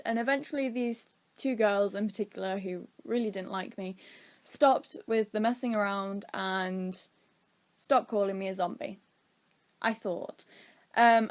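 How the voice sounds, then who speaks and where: A young British woman casually telling a rambling story time, acting out quotes from her childhood. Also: medium pitch. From Britain. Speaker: vlogger.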